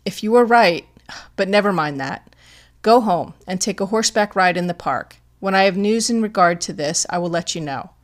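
A woman's voice: mid-range voice, expressive, normal speed, natural voice. A woman voicing a firm male detective boss. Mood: earnest. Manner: firm, commanding. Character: earnest older male detective agency head.

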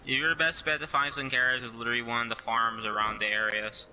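Bright, teasing gamer guy. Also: medium pitch, level tone, brisk, slight background noise, rough recording. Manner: teasing, laughs often. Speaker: gamer playing with a friend. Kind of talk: casual gameplay chatter.

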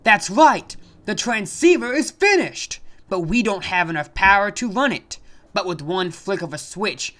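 A theatrical male mad scientist from a comedic game playthrough, all booming proclamations and manic cackles. His voice is bright and sharp, leaping up and down in pitch, and he takes his time with every line. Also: animated, a little slow. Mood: grandiose. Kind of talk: comedic fan voice-acting over a game.

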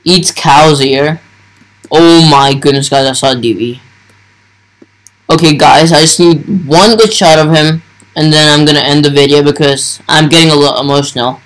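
A young man narrates his gameplay in a starstruck rush, piling one exclamation onto the next. His voice sits a little higher than most men's. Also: fairly even intonation, normal speed, a bit bright, poor audio. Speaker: gaming YouTuber. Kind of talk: excited gameplay commentary.

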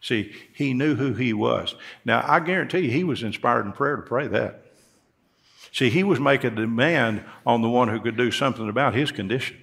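A man preaching a sermon to his congregation, his voice carrying a rough, gravelly edge. He talks in a folksy way and climbs sharply in pitch to stress his key points. His voice sits at an ordinary middle pitch between those peaks. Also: fairly quick, fairly bright tone. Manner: folksy preaching, rising emphatically on key words. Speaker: pastor. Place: church sanctuary.

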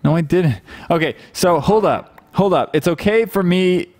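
A man's voice: high-pitched, lively intonation, moderate pace, a little mellow, dry recording. A young man in his twenties, a gaming streamer, chatting casually and teasing while he plays. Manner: teasing, joking, laughs often. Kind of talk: casual gameplay chat.

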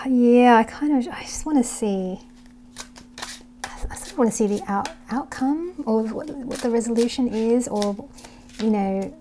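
A woman doing a tarot reading to camera, talking gently and reassuringly, thinking aloud with halting restarts and sometimes dropping to a soft whisper. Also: fairly high pitch, slight background noise. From United Kingdom. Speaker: tarot reader.

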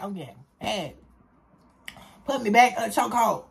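Husky, animated young man telling a story. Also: high-pitched, moderate pace. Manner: animated storytelling, swinging between loud bursts and hushed asides. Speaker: storyteller vlogger. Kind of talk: storytime vlog.

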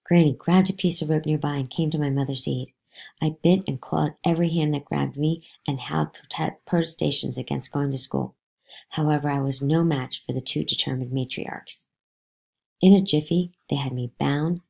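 Low, husky woman reading aloud. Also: normal speed. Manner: lively, voicing quotes with pitch jumps. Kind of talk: classroom read-aloud of a novel.

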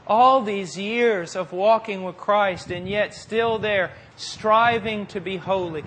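A man preaching a sermon with passion, moving from quiet, deliberate phrases to forceful peaks. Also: high voice, slight background noise. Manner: impassioned, swings from quiet to forceful.

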